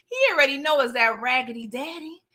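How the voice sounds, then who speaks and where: Woman, 30s, from New York; chatty, sassy recap vlogger, bright higher voice. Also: a little fast. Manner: chatty, sassy, animated asides with frequent "okay?". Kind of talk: casual episode recap.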